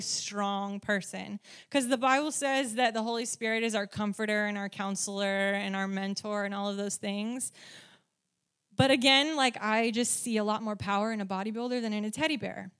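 A woman with a fairly high voice gives a relaxed, conversational faith teaching. She fills her talk with "like" and "um" and keeps checking in with her listeners, asking "right?" and "okay?". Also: moderate pace, clean tone. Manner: frequent "like" and "um" fillers. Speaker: Christian speaker teaching on faith.

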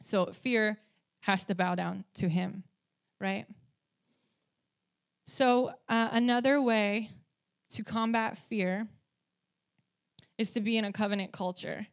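A woman's voice: medium pitch, steady tone, takes it slowly, creaky, pauses often. A woman giving a casual faith teaching, talking conversationally with many "like" and "um" fillers and frequent checks of "right?" and "okay?". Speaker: Christian speaker teaching on faith.

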